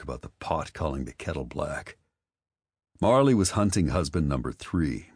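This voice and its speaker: Very deep-voiced male audiobook narrator. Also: moderate pace, husky, no echo. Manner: expressive storytelling. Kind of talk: scripted narration.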